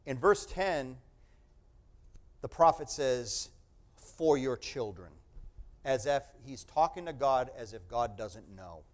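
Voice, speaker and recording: A man's voice: medium pitch, lively intonation, takes it slowly, pauses often. Man preaching with sweeping volume swings. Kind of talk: sermon.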